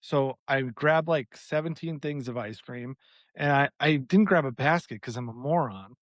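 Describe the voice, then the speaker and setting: A man cohosting a podcast, telling an exasperated, animated story in casual chat with plenty of swearing. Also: mid-range voice, normal speed, no room sound. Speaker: podcast co-host.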